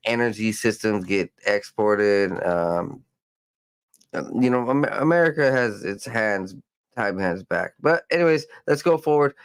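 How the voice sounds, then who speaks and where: A man's voice: lowish voice, clear, resonant tone, no echo, low-quality recording. A man hosting a podcast, reading news articles aloud and breaking off into loose, rambling commentary full of fillers and restarts. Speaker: podcast host.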